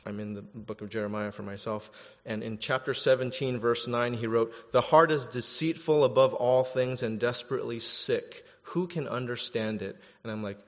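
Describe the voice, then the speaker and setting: A man preaching a sermon as pastor, animated and jokey, swinging from quiet asides to loud bursts. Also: mid-range voice, moderate pace. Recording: dull sound in a reverberant hall.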